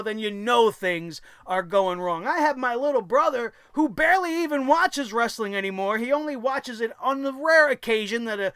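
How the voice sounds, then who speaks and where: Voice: medium pitch, pushed and bright, clear, resonant tone, no room sound, studio quality. A vlogger ranting about a wrestling show in a profane, sarcastic, exasperated way.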